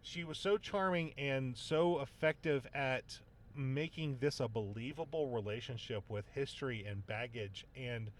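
A man co-hosting a casual movie review podcast, animated and jokey, with sarcastic asides. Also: medium pitch, a little slow, a little hiss or hum. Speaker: podcast co-host.

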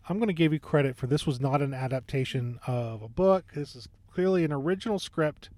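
Jokey rambling man, slightly high voice. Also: expressive, brisk, few pauses, darkish tone, no echo. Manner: jokey, rambling, lots of fillers. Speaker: podcast co-host reviewing movies. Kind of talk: casual movie review chat.

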